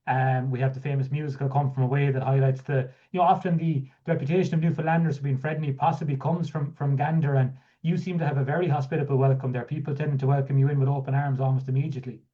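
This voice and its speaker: A man's voice: mid-range voice, fairly even intonation, quick pace, few pauses, lo-fi sound. A man hosting a podcast interview, asking long, thoughtful questions in a conversational way with fillers. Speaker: podcast host.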